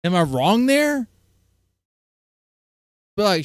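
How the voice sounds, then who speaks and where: A male livestream host chatting with viewers in a loud, profane, heated way. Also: a little high, sing-song, normal speed, no echo, clean studio sound. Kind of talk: casual livestream chat with viewers.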